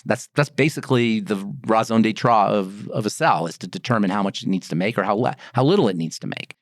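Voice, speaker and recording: A middle-aged man, a pharmacist and skin care formulator, explaining in a lively podcast talk, asking rhetorical questions and acting out exclamations. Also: lowish voice, a little fast, few pauses, no room sound, clean studio sound. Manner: animated, rhetorical, acts out exclamations.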